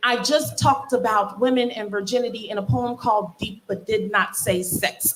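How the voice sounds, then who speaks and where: A woman in her forties performing spoken word poetry live into a stage microphone, with emphatic, measured phrasing and long dramatic pauses. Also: on the high side, slight background noise. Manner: mock-solemn, comic exaggeration.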